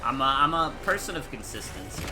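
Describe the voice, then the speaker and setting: A man's voice: mid-range voice, very animated, brisk, over loud music. A man streaming a video game, chatting casually and rambling with lots of fillers. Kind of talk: casual gaming stream chat.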